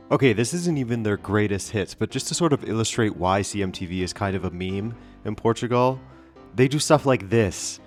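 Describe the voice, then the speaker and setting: A man's voice: medium pitch, a little fast, soft background music. A man hosting a casual football vlog, talking in a rambling, stream-of-consciousness way with wry, opinionated asides. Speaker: football channel host.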